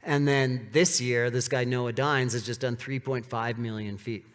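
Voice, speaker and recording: A man giving a casual, animated storytelling talk on stage, with many "like" fillers. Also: mid-range voice, unhurried. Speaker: speaker giving a live talk. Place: large hall with an audience. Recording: reverberant hall.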